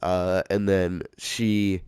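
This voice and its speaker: A man's voice: low voice, little pitch movement, extremely slow, darkish tone, smooth, no echo, clean studio sound. A young man hosting a podcast, telling a story casually in a rambling, profane way with lots of filler words. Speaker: podcast host.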